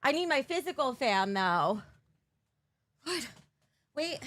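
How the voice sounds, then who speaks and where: A high-pitched woman streams live from her bedroom on a desk mic, chatting and giggling with viewers. Her voice is dry and close, with no room echo at all. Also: very animated, slow pace, a bit bright. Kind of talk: casual live-stream chat.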